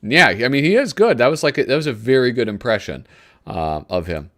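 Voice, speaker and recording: A man's voice: medium pitch, expressive, fairly quick, a bit bright. A male host giving casual live commentary while flipping through a magazine. He rambles, gropes for names and chuckles often.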